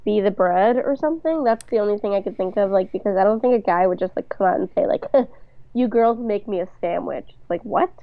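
Brief: young woman, mid-pitch, relaxed co-host, dry muffled lo-fi recording. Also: quick pace, no room sound. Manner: laid-back, agreeing, lots of "like". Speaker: podcast co-host. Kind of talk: casual chat. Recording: dry, dull lo-fi mic.

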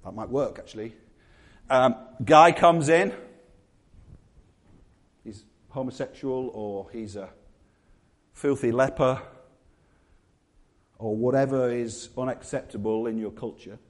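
A man preaching a sermon, retelling scenes in lively acted-out voices. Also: mid-range voice, slow pace, long pauses. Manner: animated storytelling, acts out quoted voices.

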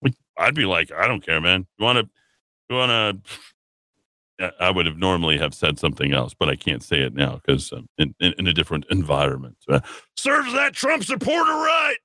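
A man's voice: very deep voice, brisk, sharp tone, no room sound. A male talk host reading an article aloud and mocking it, with sarcastic asides and a put-on snooty voice. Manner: sarcastic, puts on a snooty voice to mock the writer; stumbling asides and restarts, laughs at his own jokes. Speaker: radio talk show host.

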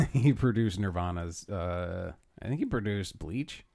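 A man's voice: on the low side, expressive, slow, gravelly, warm tone. A man telling stories in casual chat, laid-back and profane, often acting out the voices of people he quotes.

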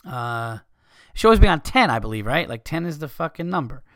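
A man's voice: on the high side, very animated, brisk, fairly bright tone, dry recording, clean studio sound. A man hosting a podcast, reading listener messages aloud in a loose, profane, casual way and stumbling over the text.

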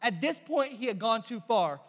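A young man giving a casual youth sermon, chatty and animated, telling stories and reading scripture. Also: very high-pitched, moderate pace. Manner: animated, chatty, lots of "like" and "bro". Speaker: youth pastor. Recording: echoey hall reverb.

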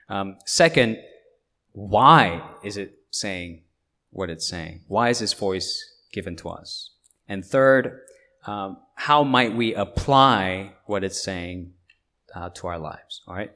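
A man preaching a sermon as pastor, earnest and emphatic, with pauses and fillers between points. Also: on the low side, fairly bright tone.

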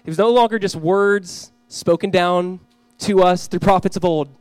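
Earnest man preaching, slightly high voice. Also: a little mellow, clean tone, dry recording, low-quality recording. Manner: earnest, reads scripture slowly and emphatically, acts out family scenes. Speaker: pastor. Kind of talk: Christmas Eve sermon.

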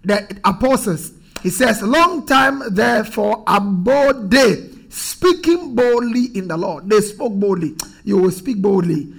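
Male pastor, high gravelly voice, emphatic repetitive preaching style. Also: animated, slow pace. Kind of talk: sermon.

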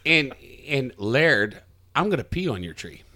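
A man's voice: medium pitch, big pitch swings, bright, forceful tone. A man co-hosting a podcast, stammering through repeated starts before landing his jokes in casual chat. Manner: halting, stammering setups for jokes. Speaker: podcast co-host.

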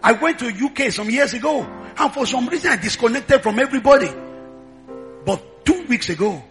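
A Nigerian man preaching a sermon, telling stories quietly and then shouting exhortations to the congregation. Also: very high voice, lively intonation, brisk, soft background music. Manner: storytelling that builds into shouted exhortation. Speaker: pastor.

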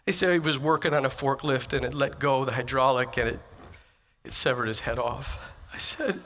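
A man's voice: medium pitch, fairly even intonation, normal speed, a bit bright, a little hiss or hum. A man preaching a sermon as pastor, telling personal stories in an earnest, emphatic way with repeated phrases. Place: church sanctuary.

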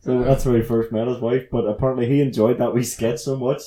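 A man, co-hosting a casual podcast chat and retelling comedy sketches with animated, sweary storytelling. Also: medium pitch, fast talker, reverberant, a little hiss or hum. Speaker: podcast co-host.

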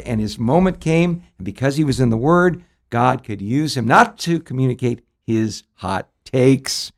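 A man pastor, from the United States, giving animated Bible teaching on a radio program, leaping up in pitch as he acts out quotes. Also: measured pace, few pauses.

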